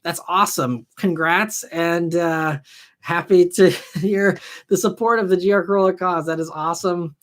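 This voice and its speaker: A fairly high-pitched young man hosts a casual live stream about cars. He answers viewer questions in a loose, meandering way, with plenty of ums and false starts. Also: normal speed. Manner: relaxed and rambling, with many ums and restarts. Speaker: car channel host answering live chat questions.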